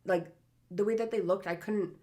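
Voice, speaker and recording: A woman's voice: mid-range voice, steady tone, normal speed, warm tone. A young woman co-hosting a podcast, chatting casually and telling stories with lots of fillers. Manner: chatty storyteller, lots of "like" and laughs. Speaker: podcast co-host. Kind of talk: casual chat.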